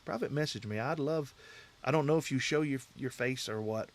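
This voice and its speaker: A man's voice: medium pitch, fairly quick. A man hosting a casual livestream, rambling and talking straight to his chat viewers from a home setup. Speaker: livestream host.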